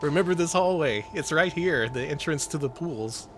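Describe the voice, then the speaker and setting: A man's voice: a little high, expressive, normal speed, a bit bright, a little hiss or hum. A man co-hosting a casual gameplay chat, joking, laughing often and swearing freely. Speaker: co-host playing a game.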